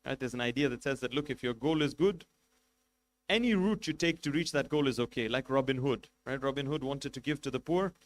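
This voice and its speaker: A man's voice: medium pitch, fairly quick. A man giving a religious lecture as a sheikh, making numbered points and asking rhetorical questions with emphasis. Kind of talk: sermon.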